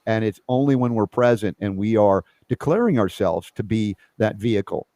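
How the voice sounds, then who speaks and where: A man's voice: normal speed, no room sound. Earnest man talking about faith. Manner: earnest, reflective, animated with pitch jumps. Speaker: host. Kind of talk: casual spiritual conversation.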